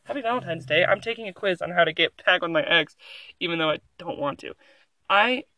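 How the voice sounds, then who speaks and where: Here the same kind of at-home phone reading comes quicker: a young adult vlogger talks through an article with sarcastic, giggly asides that wander off track. The pitch is medium, the tone bright and forceful, and the sound dry.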